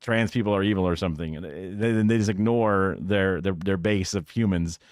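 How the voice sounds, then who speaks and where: A low-voiced man thinks out loud on a live stream, drifting between points and using mocking put-on quotes. The sound is dry and close, with no room echo. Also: normal speed. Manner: rambling, sarcastic, swears, mocks in put-on quotes. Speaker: streamer reacting to news clips. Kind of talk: casual live-stream commentary.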